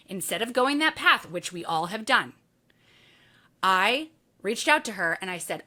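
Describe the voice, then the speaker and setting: Woman guest on a podcast, bright voice, tells it straight, acts out her own thoughts as she goes. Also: on the high side, unhurried. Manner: candid, animated storytelling with acted-out inner quotes and swearing. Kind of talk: conversational interview.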